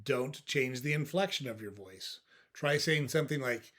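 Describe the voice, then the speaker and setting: A man hosting an advice talk, coaching in a calm, direct way and often checking in with "okay?" and "right?". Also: medium pitch, moderate pace. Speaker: host.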